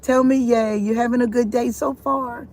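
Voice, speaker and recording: A woman's voice: fairly high pitch, steady tone, normal speed, darkish tone. A middle-aged woman hosting a live stream as a spiritual therapist, talking in an earnest, repetitive, preachy and rambling way. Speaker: livestream host, self-styled spiritual therapist.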